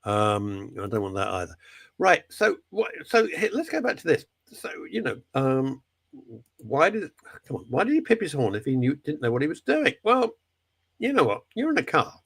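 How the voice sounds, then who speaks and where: A man's voice: on the high side, huge pitch swings, normal speed, gravelly, a bit bright, no room sound. A man hosting a talk radio show, rambling and jokey as he talks through listener messages. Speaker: radio host. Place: radio studio.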